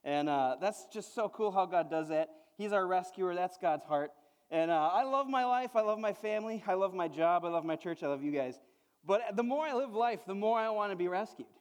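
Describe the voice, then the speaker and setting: High-voiced pastor preaching in a reverberant hall. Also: male voice, smooth. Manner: animated, conversational preaching with quick auctioneer-style imitations. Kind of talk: sermon. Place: church sanctuary.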